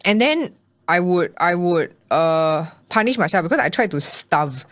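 A young woman with a Singaporean accent, telling her personal story as a podcast guest in a lively way and acting out her own past thoughts. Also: lowish voice, unhurried. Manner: animated storytelling with acted-out quotes. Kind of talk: candid personal interview.

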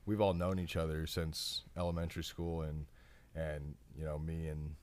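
Low-voiced laid-back man. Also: little pitch movement, normal speed, darkish tone. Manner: laid-back, rambling, with fillers. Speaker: podcast co-host. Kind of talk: casual chat.

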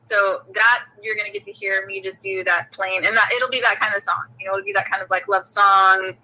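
Bright, husky woman guest. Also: mid-range voice, fairly even intonation, fairly quick, poor audio. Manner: agreeable, with many fillers and restarts. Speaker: singer and vocal trainer. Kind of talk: casual interview chat.

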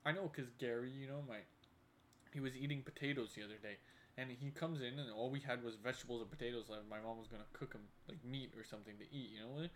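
A young man co-hosts a casual podcast, rambling through joking stories at an ordinary pitch. He talks into a podcast mic with a faint hiss underneath. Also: fast talker. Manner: rambling, joking, animated storytelling. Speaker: podcast co-host. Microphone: studio podcast mics.

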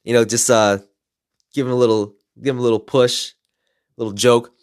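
Excited man telling a story, dry. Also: medium pitch, moderate pace, smooth, no echo. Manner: excited, animated retelling with quoted voices. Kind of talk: casual storytelling.

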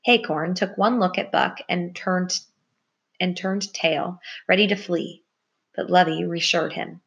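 A woman reading a children's story aloud in a steady, even narration. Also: lowish voice, measured pace, vocal fry. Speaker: audiobook narrator.

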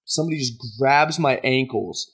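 A man's voice: medium pitch, moderate pace, a bit bright, slightly rough. A young man hosting a podcast, telling a story in casual chat and laughing at himself as he goes. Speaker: podcast host.

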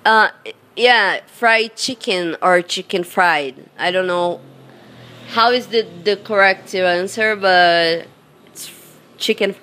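Woman, Brazilian Portuguese accent, hoarse throat, slow unhurried talk, pauses to find English words, casual vlog chat. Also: mid-range voice, pushed and bright. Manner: halting, searching for English words. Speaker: vlogger.

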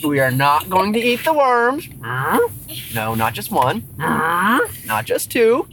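Someone speaks slowly at medium pitch, carrying on half of a playful dialogue with an imaginary zombie companion. As the storyteller in this skit, they sound animated, patient and teasing, like coaxing a child, with background noise present.

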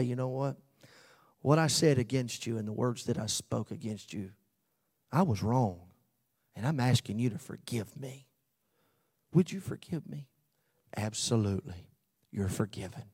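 A man preaching a sermon as pastor, swinging from loud emphasis to hushed near-whispers and slowing down on key phrases. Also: mid-range voice, husky.

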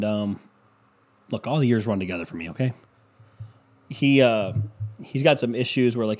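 A man's voice: on the low side, darkish tone. A man hosting a casual solo podcast, rambling and swearing freely, packing his talk with "you know" fillers. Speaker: podcast host.

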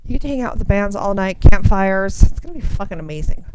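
A woman's voice: medium pitch, lively intonation, fast talker. Woman, radio co-host, crude banter, show announcements, noisy recording. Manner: loud, crude, laughs often. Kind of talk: casual chat, announcing local shows.

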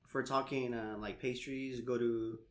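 This young man tells stories in a loose, animated way, with lots of laughs and casual swearing. His voice sits at a middle pitch. It bounces around an echoey room. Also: moderate pace. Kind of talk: casual chat.

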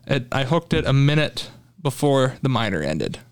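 A young man tells a fishing story in casual talk, his voice smooth and clear. He gets animated as he retells it and is full of fillers and restarts. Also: medium pitch, normal speed. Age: young adult. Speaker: podcast guest, tournament angler.

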